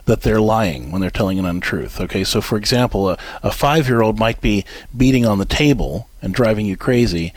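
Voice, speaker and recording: A man's voice: lowish voice, expressive, brisk, hardly any pauses, no echo. A man co-hosting an advice talk show, counseling a caller on parenting and acting out what parents and kids say. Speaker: radio show co-host, counselor.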